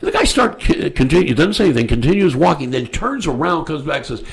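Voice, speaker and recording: A man hosting a radio talk show, telling a story bluntly and crudely, loudly acting out the people in it. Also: fairly high pitch, fast talker, gravelly, few pauses. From United States. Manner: animated storyteller, acts out quoted voices loudly.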